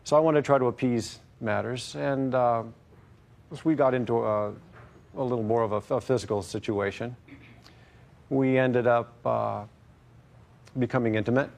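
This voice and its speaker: Guy telling his side to the judge, halting and wordy, ordinary mid voice. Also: medium pitch, steady tone, vocal fry, darkish tone. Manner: hesitant, wordy, repeats stock phrases. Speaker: litigant in a courtroom show. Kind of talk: courtroom testimony.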